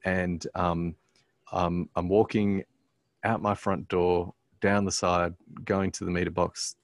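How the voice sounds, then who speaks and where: A man, a pastor telling a story as a guest in a casual conversation, halting often with "um" and restarting his sentences. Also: deep voice, flat delivery, no room sound.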